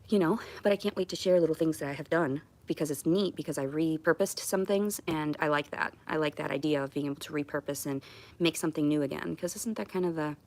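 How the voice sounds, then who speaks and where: A woman's voice: deep voice, a little mellow. A woman chatting on a casual livestream at home, rambling and self-deprecating. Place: at home on camera.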